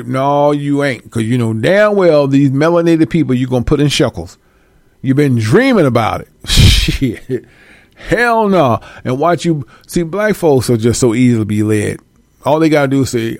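A man giving an animated casual monologue to his viewers, swearing freely and laughing often. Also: a little high, normal speed, no room sound. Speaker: host.

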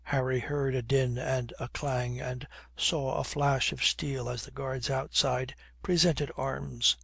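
Brief: male audiobook reader, husky, dry close sound. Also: medium pitch, flat delivery, slow, a bit bright, no room sound. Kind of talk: audiobook narration.

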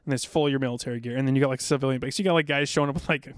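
A middle-aged man telling rambling, animated army stories in a casual podcast chat, now and then acting out drill sergeants. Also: mid-range voice, racing, smooth, no room sound, studio quality. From South Dakota, USA. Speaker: podcast guest, military veteran.

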